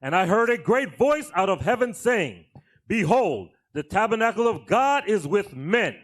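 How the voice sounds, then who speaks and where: A man reading scripture aloud in a church service, slow and measured. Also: sits high, big pitch swings.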